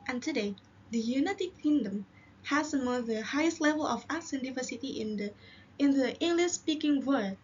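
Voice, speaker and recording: Presenter, woman from Indonesia, high voice, muffled recording with faint hiss, halting reading. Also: expressive. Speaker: linguist presenter. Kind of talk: classroom presentation.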